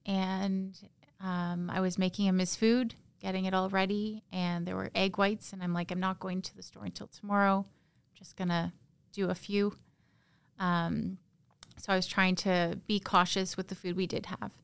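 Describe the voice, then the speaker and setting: A woman from Canada, a podcast guest, recounting a personal story in a halting, emotional, soft-spoken way. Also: medium pitch, little pitch movement, creaky, clear, resonant tone, no echo.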